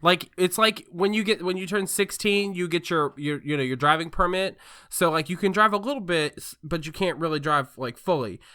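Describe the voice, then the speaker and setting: A man's voice: sits high, brisk, sharp tone, clean tone. A man co-hosting a comedy podcast, telling rambling stories full of fillers in casual chat. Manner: rambling, filler-heavy storytelling. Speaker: podcast co-host.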